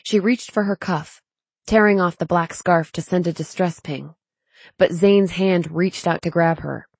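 A woman narrating a novel as an audiobook in a measured, steady way. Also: fairly low pitch, vocal fry, husky, dry recording. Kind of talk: scripted narration.

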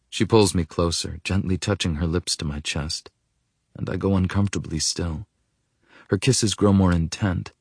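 A man narrating a first-person audiobook in a reflective, intimate way that often drops to a hush. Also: low voice, no room sound, clean studio sound. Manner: reflective, intimate, softening to hushed.

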